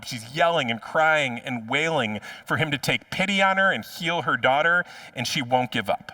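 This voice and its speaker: A man's voice: mid-range voice, moderate pace, few pauses, sharp tone, no room sound, distant mic. A man preaching a sermon as pastor in a conversational way, often repeating words as he restarts a phrase. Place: church.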